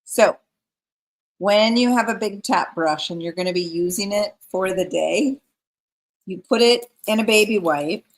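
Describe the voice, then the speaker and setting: A woman's voice: mid-range voice, measured pace. Chatty woman hosting a craft livestream. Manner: chatty, reads viewer comments aloud. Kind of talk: casual livestream chat.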